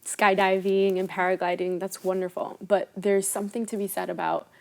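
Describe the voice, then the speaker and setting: A woman's voice: medium pitch, level tone, moderate pace, vocal fry. A woman in her twenties, a travel influencer and guest, talking earnestly and with emphasis in a casual interview. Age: 20s.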